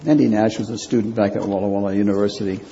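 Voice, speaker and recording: A man preaching a sermon as pastor, speaking deliberately and repeating key phrases for weight. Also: on the low side, steady tone, gravelly, warm tone, highs cut off, a little hiss or hum.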